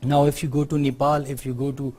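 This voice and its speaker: A Pakistani man with a Pakistani accent delivers a university lecture in a mid-range, darkish voice, talking a little fast with flat delivery. He explains things and keeps checking in with the class using tag questions.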